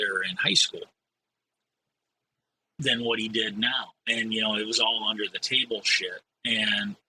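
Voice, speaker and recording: A middle-aged man spinning a casual, rambling anecdote, dropping in casual curses. His voice sits low and comes across sharp and forceful. A faint hiss runs underneath. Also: rough recording. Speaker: streamer reading stories. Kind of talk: casual storytelling.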